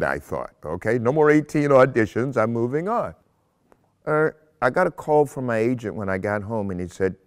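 An older actor telling stories from his career in an interview, animated, laughing often and acting out the voices he quotes. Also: on the low side, fairly quick, clean tone. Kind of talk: anecdotal interview storytelling.

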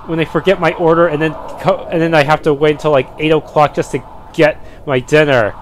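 High-voiced man making chatty game asides. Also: little pitch movement, a little fast, a little hiss or hum. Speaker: let's play commentator. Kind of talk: reading game dialogue with asides.

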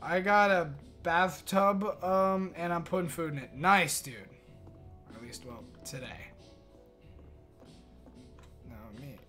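A young man streaming a game live, chatting excitedly, swearing and thanking his viewers. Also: fairly high pitch, slow, pauses often, faint music behind.

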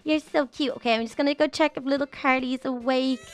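High-voiced animated young woman role-playing. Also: fast talker. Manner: animated and exclaiming, motherly. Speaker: game role-player. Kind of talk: narrated game role-play.

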